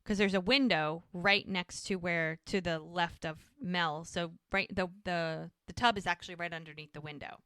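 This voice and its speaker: A woman's voice: fairly low pitch, steady tone, normal speed, hardly any pauses, a bit bright, smooth, no echo. Woman retelling TV scenes, dry close sound. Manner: retells scenes with quoted dialogue. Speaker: podcast co-host. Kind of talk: casual recap chat.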